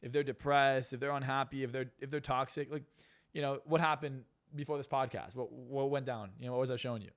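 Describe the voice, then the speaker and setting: A man's voice: medium pitch, fairly even intonation, fairly quick. A man on a podcast talking bluntly and profanely, ranting with strong opinions. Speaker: podcast guest. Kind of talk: casual podcast talk.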